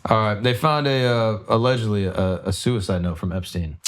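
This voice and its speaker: Low-voiced wry podcast man. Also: normal speed. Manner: reads articles aloud, wry. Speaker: podcast co-host. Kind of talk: casual chat.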